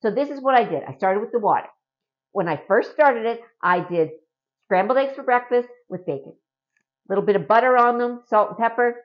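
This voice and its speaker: A woman's voice: on the high side, lively intonation, a little fast, muffled recording. A middle-aged woman from Canada talking casually and earnestly to camera in a home vlog, often adding a rhetorical "right?". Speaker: vlogger.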